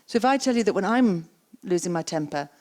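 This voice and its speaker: A woman gives an interactive keynote talk on coaching. She repeats the audience's words back to them and asks quick follow-up questions. Her delivery is conversational and lively. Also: medium pitch. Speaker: keynote speaker and coaching trainer. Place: conference stage.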